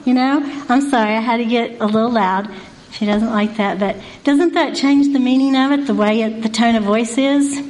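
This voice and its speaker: A woman's voice: fairly high pitch, steady tone, moderate pace, darkish tone, poor audio. A woman giving an informal Christian devotional talk, earnest and folksy, asking one rhetorical question after another. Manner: folksy and repetitive.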